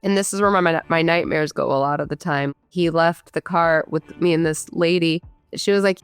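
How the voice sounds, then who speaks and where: A woman's voice: sits low, fairly even intonation, a little fast, few pauses, clear, resonant tone, no echo. A woman in her thirties, originally from Michigan, recounting her own story in candid conversational speech with frequent fillers. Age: 30s. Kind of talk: personal storytelling.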